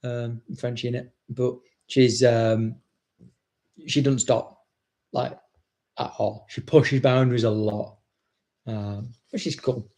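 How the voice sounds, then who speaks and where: A man's voice: mid-range voice, steady tone, takes it slowly, pauses often, warm tone. A man, a dog trainer, chatting casually, blunt and swearing freely. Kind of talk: casual chat.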